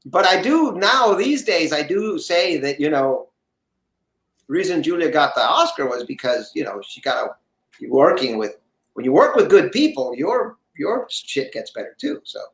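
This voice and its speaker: Guy telling a story on an interview, bit higher voice, echoey room. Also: a little slow. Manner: lively storyteller, acts out quoted voices. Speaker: guest actor. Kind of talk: animated anecdote telling.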